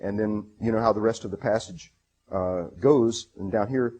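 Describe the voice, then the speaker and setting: A man giving a lecture presentation, reading passages aloud, halting with many fillers and restarts and enthusiastic about his material. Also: on the low side, a little mellow.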